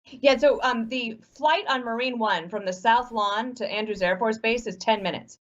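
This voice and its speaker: A woman is a guest on a radio interview, telling brisk, practical anecdotes. Her voice sits fairly high. The sound is dull and lo-fi, as if it comes in over a remote line. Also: a bit bright. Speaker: guest author.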